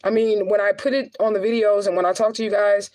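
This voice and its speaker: A woman's voice: medium pitch, little pitch movement, quick pace, a little mellow, no echo. A woman talking casually to her viewers in a blunt, profane, chatty way, often laughing between heavier remarks. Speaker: spiritual adviser and vlogger.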